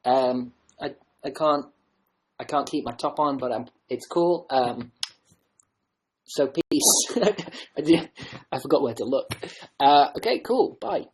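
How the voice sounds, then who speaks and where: A man chatting loosely to his livestream viewers, his voice slightly husky. He jokes at his own expense and wanders from thought to thought. He is heard through a home webcam mic. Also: mid-range voice, slow pace, darkish tone, rough recording. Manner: joking, rambling, self-mocking. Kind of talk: rambling casual livestream chat.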